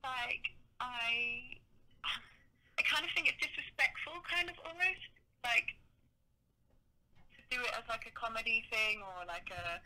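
A woman's voice: on the high side, unhurried, pauses often, sharp tone, low-quality recording. A British woman chatting frankly as a podcast guest, hedging her words with 'like'. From United Kingdom. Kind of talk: casual interview chat.

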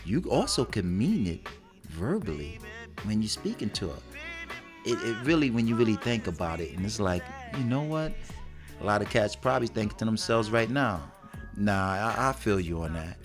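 Man co-host, lowish voice, animated delivery, faint music behind. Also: moderate pace. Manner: animated, acts out quotes with big pitch jumps. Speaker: podcast co-host. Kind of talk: casual relationship talk.

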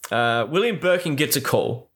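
A man's voice: mid-range voice, lively intonation, moderate pace, a bit bright. A man in a casual, exasperated movie recap rant, swearing a lot and saying "like" constantly. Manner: exasperated, profane, full of filler likes.

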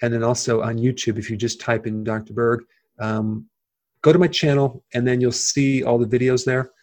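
A man's voice: medium pitch, steady tone, normal speed, darkish tone. A man as an interview guest, explaining things plainly, with frequent fillers and restarts. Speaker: guest, health video creator. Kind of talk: casual interview talk.

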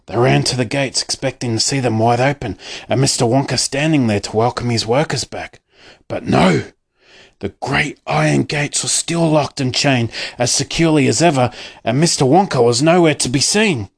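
A man's voice: mid-range voice, moderate pace, vocal fry, husky. A man reading a storybook aloud, narrating expressively. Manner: expressive and lively.

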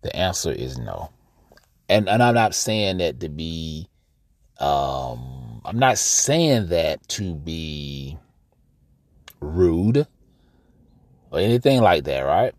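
A young adult American man with an African American English accent hosts a casual podcast monologue outdoors, speaking straight to listeners as "y'all." His voice rumbles low and sing-song, slow with frequent pauses, and he's conversational and emphatic. There's no room sound.

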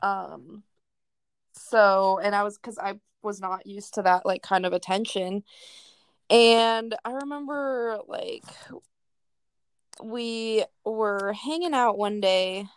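A woman's voice: mid-range voice, slow, clean tone, no room sound. A young woman telling a crude personal story in casual chat, swearing freely and laughing often.

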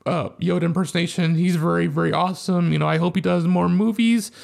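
A man's voice: high-pitched, steady tone, quick pace, vocal fry, darkish tone. A man co-hosting a podcast, chatting casually and rambling with lots of filler phrases. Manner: rambling, heavy use of "you know". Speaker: podcast co-host. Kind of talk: casual chat.

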